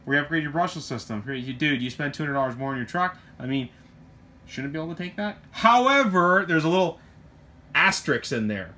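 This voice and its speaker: A man's voice: a little high, fairly quick. A middle-aged man who runs a hobby shop, talking casually and with animation about a truck he sells, rambling through asides and mild cursing. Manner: animated, rambling, swears mildly, lots of asides. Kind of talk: casual product talk.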